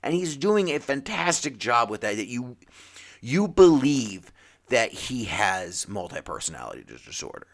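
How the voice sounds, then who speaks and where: A man co-hosting a comics podcast, talking in a rambling, animated way with many restarts and little acted-out quotes. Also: medium pitch, moderate pace. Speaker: podcast co-host. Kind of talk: casual chat about comics and TV.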